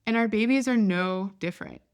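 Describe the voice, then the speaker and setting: Woman, 30s, podcast host: casual, candid storyteller at a mid pitch. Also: a little fast, clear, resonant tone. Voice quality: chatty, candid, down-to-earth. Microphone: podcast microphone.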